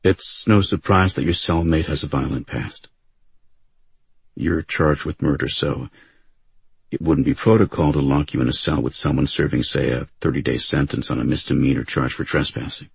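A man reading the part of a calm male defense lawyer who questions his client quietly and patiently. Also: a bass voice, moderate pace, gravelly, husky, no echo, full character voice. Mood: gentle, measured.

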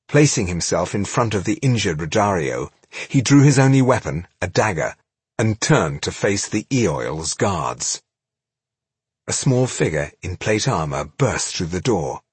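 A male audiobook narrator with a low, husky voice. He reads with measured drama and a lively rise and fall. The recording is dry and close. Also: no room sound. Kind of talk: scripted narration.

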